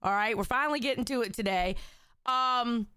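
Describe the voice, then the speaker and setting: A woman's voice: fairly high pitch, moderate pace, bright, forceful tone, clear, resonant tone, no echo, clean studio sound. A woman hosting a casual livestream, emotional and teary, joking and swearing as she chats with viewers. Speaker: livestream host.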